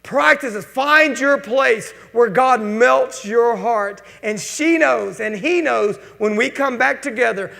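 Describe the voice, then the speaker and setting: A man's voice: high voice, moderate pace, creaky, few pauses, bright, forceful tone. A man preaching a sermon as pastor, mixing scripture readings and spoken prayers with casual asides. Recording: long hall reverb.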